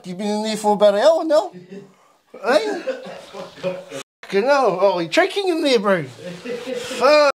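A man's voice: high voice, very animated, slow pace, long pauses, background noise. A man with a New Zealand accent teasing his friend in casual, slangy banter. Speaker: friend on trip.

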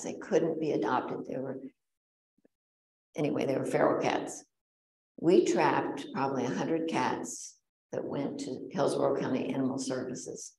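Low-voiced woman speaking in a roomy hall. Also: darkish tone. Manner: earnest, conversational, pauses with fillers. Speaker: guest speaker at a bird society meeting. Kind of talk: public talk with personal anecdotes. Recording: roomy echo.

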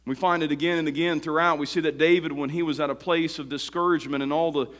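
A man's voice: fairly high pitch, fairly even intonation, quick pace. Folksy preacher man in a reverberant church. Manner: folksy, repetitive restarts, rises to shouting when acting out quotes. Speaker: pastor. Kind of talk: sermon. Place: church sanctuary.

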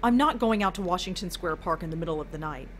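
Brief: a reluctant young psychic, guarded and uneasy. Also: female voice, on the low side, animated, fast talker, a bit bright, a little hiss or hum. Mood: wary. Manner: puzzled and guarded. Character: wary young woman, reluctant medium. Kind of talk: video game voice acting.

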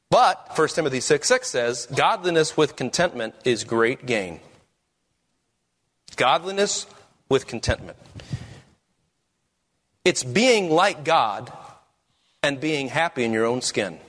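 A man's voice: a little high, fairly bright tone. A man preaching a sermon as pastor, with emphatic, rising questions.

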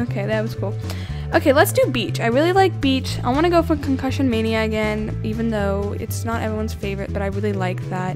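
Girl youtuber playing games, high voice, giggles a lot, pokes fun at herself. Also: fast, soft background music. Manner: giggly, excitable, self-deprecating. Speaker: gaming YouTuber. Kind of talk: casual gameplay commentary.

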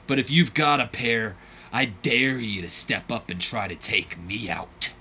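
A man voicing a fired-up war-veteran wrestler cutting a loud, taunting promo. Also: on the low side, unhurried, slight background noise.

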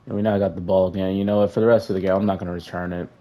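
A man's voice: sits low, racing, muffled recording. A young man casually commenting on his own football video game play, talking to the players on screen and sighing in frustration. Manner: frustrated, talks to players on screen, flat sighs between outbursts. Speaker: gaming YouTuber.

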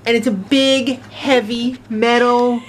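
Woman, vlogger, casual chat, animated storytelling, slightly high pitch, light background hiss. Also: takes it slowly. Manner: chatty, animated storytelling with laughs.

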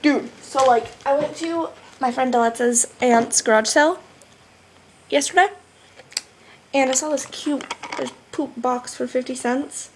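A woman's voice: sits high, a little slow, slight background noise. A seventeen-year-old girl vlogging at home on a laptop mic, bubbly and rambling, full of "like". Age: teen. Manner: bubbly, chatty, rambling with lots of "like". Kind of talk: casual vlog chat.

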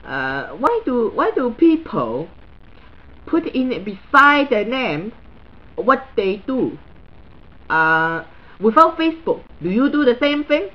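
Slow and sing-song, a man puts on an exaggerated, extremely high-pitched voice for a comedic character monologue. He plays a crude, blunt middle-aged Chinese man new to social media, ranting in broken English with stuttering repeats, and the recording's highs are cut off.

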